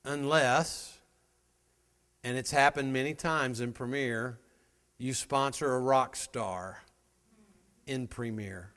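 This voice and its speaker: A man giving an energetic motivational speech to a live sales audience, firing rhetorical questions at the crowd. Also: mid-range voice, slow, long pauses. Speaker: motivational speaker at a sales meeting. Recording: long hall reverb.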